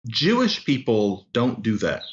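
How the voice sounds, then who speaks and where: A man who is an author and linguist, explaining things in an animated, storytelling way as a podcast guest. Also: medium pitch, measured pace, dull audio. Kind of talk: explanatory interview talk.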